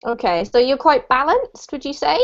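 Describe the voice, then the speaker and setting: A woman's voice: sits high, expressive, moderate pace. Chatty woman teaching over a call. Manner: chatty, encouraging, laughs easily. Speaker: online English teacher. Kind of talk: casual teaching chat on a video call. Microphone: video call. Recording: muffled video-call audio.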